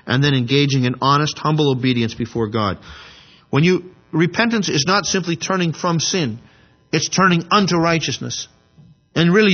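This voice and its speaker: Husky-voiced man teaching scripture. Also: mid-range voice, lo-fi sound. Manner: measured, scholarly delivery with off-the-cuff asides. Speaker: Bible teacher. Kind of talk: reading a commentary aloud and adding asides.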